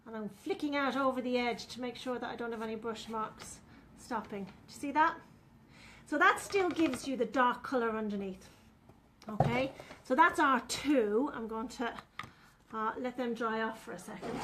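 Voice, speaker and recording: A woman's voice: fairly high pitch, fairly bright tone, slight background noise. A woman, chatting through a live furniture painting demonstration and talking to viewers as she works. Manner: chatty, talks viewers through each step.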